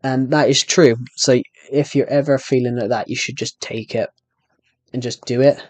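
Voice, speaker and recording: A man's voice: medium pitch, fairly even intonation, normal speed, no room sound, soft background music. Young man ranting on a live stream. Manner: rambling, repeats and restarts phrases; aggrieved storytelling. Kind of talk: casual live stream chat while gaming.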